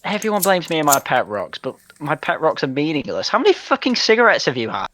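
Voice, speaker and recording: A man's voice: fairly high pitch, very animated, fast talker, a bit bright, a little hiss or hum. A young man from Manchester, chatting bluntly and swearing while streaming a game. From Manchester, England. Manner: blunt, sweary, mocking banter. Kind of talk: casual chat while gaming.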